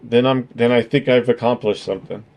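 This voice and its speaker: A man's voice: medium pitch, steady tone, brisk, creaky, a little mellow. A man chatting casually on his livestream, rambling and earnest, swearing freely as he thanks his viewers. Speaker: streamer.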